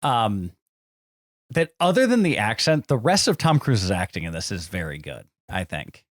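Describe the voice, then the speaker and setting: A man's voice: lowish voice, sing-song, normal speed, no room sound. A man co-hosting a podcast, chatting casually about films and dropping dry, joking asides. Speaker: podcast co-host.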